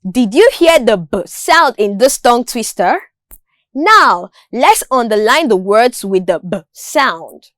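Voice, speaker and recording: A woman's voice: fairly high pitch, very animated, slow, fairly bright tone, no echo. A woman teaching a school lesson, carefully enunciating words for pronunciation drills.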